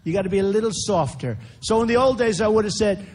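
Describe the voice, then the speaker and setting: A man's voice: high-pitched, big pitch swings, fast, few pauses, darkish tone. An older man with a New York accent, delivering a campaign speech at a large rally with repetitive, boastful phrasing and chatty asides to the crowd. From United States. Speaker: candidate speaking at a rally. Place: large indoor rally venue.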